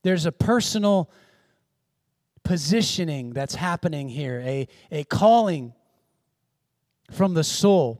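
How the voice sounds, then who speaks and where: A man preaching a sermon as pastor, swinging from hushed, quiet stretches to loud exclamations. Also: high-pitched, lively intonation, unhurried, no echo, clean studio sound. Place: church in Seattle.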